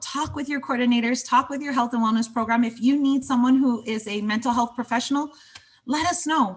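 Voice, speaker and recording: Warm, reassuring woman presenting a webinar. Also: a little high. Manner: friendly, reassuring, chatty with fillers. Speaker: agency surrogacy presenter.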